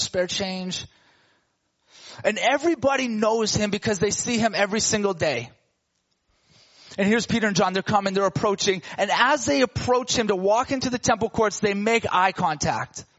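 Male preacher, high voice, animated storyteller, slangy and playful, dull lo-fi recording. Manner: animated, acts out characters in casual slang. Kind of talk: sermon storytelling.

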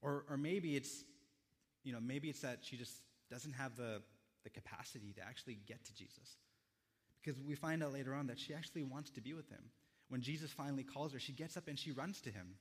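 Gentle male pastor in a reverberant church. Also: mid-range voice. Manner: gentle, reflective storytelling with quiet pauses. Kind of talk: sermon.

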